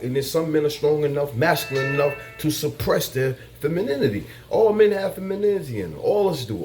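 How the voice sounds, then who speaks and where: A man's voice: on the high side, darkish tone. A man giving dating advice in a casual monologue, blunt and profane, repeating his points like a lecture.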